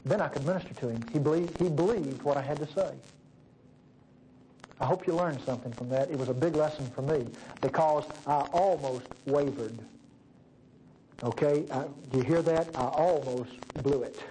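A man preaching a sermon, folksy and animated, dropping to a hush and rising again. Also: fairly high pitch, moderate pace, slight background noise, poor audio. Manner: folksy, animated, swings between loud and hushed.

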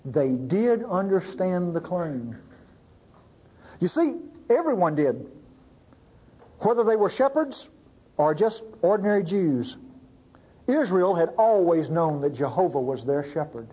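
A man's voice: a little high, sing-song, a little slow, dark tone, slightly rough. A married man with a family preaching a sermon, teaching in a conversational way with asides to the congregation. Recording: dull lo-fi sound.

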